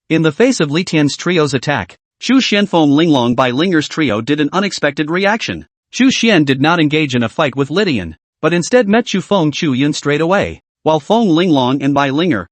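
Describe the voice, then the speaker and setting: A man reading a scripted story recap as narrator, in an even storytelling manner. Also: fairly high pitch, no room sound.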